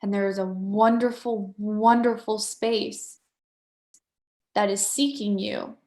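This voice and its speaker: A woman facilitator leads a live online motivational workshop, playful and upbeat as she coaxes her audience along. Her mid-range voice is steady, slow, and a little mellow, heard in an echoey room.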